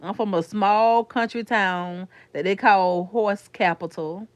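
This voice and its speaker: A chatty woman with a Florida accent talks loosely to her live chat, calling viewers honey and sugar. Her voice sits at a middle pitch and sounds close and dry, with no room around it. She rambles casually from one thought to the next. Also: fairly even intonation, slow pace, dry recording.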